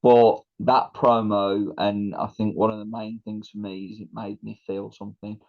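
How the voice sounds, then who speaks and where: A man's voice: fairly low pitch, level tone, moderate pace, muffled recording. Blunt, enthusiastic male podcast co-host. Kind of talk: casual chat.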